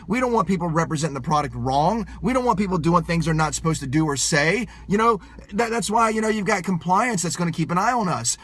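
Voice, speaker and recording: A middle-aged man giving a fired-up motivational sales pep talk, yelling and hammering home his points with punchy repetition. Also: high voice.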